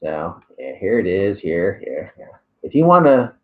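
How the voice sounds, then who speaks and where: A man's voice: low voice, very animated, measured pace. A man reading out and answering online comments, sarcastic and hesitant, with many fillers. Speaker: YouTuber. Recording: tinny phone-like audio.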